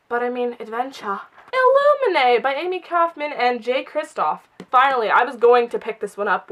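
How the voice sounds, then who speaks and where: A young woman chatting excitedly to her camera about books she bought, full of "like" and quick asides. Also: fairly high pitch. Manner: bubbly and excitable, lots of "like". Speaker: book vlogger. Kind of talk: casual chat to camera.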